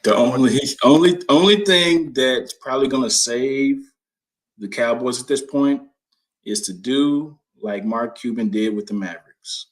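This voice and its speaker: Male co-host, mid-range voice, relaxed banter, laughs easily. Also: mid-range voice, measured pace. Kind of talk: casual sports talk. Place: lives in Texas.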